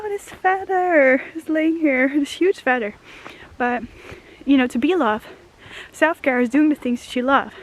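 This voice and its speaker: A woman walking through a forest, a little out of breath, talking in an earnest, musing way about self-love with many "you know" fillers and frequent laughs. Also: fairly high pitch. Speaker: vlogger. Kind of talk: walk-and-talk spiritual vlog. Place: forest path outdoors.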